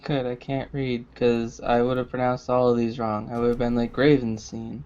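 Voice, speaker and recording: A man's voice: medium pitch, little pitch movement, normal speed, a little mellow, smooth, muffled recording. A man playing a tabletop game, rambling and joking about himself. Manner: rambling, self-mocking. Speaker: player. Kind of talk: casual table banter.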